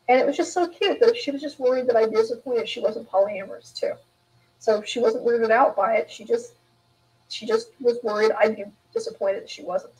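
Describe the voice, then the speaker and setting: A woman's voice: fairly high pitch, moderate pace, a little mellow, low-quality recording. A woman author in a live interview, telling candid stories in a rambling way with frequent restarts. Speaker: author guest.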